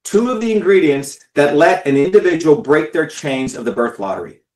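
A man's voice: on the high side, animated, fairly quick, darkish tone. Fiery, profane man in an echoey room. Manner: profane, emphatic, repeats words for stress. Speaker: political speaker. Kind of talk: impassioned talk to followers.

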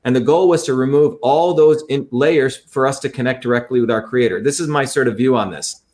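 A man's voice: mid-range voice, brisk, a little mellow. A man talking in an interview, explaining at length in an earnest, lecturing way and often repeating his phrases. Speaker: guest.

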